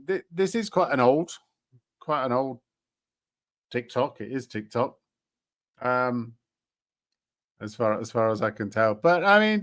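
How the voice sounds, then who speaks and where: A man's voice: medium pitch, animated, slow pace, long pauses, fairly bright tone. A man hosting a casual commentary show, sarcastic and rambling, with frequent hesitations. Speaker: host.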